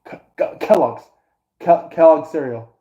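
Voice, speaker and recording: A man's voice: on the high side, measured pace, phone-quality sound. A man doing a casual astrology reading to his viewers, rambling with many fillers and restarts. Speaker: astrology and tarot reader.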